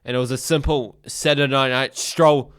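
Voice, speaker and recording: A man as a co-commentator, trading quick, joking banter in casual rugby commentary. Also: mid-range voice, fairly even intonation, a bit bright, clean tone.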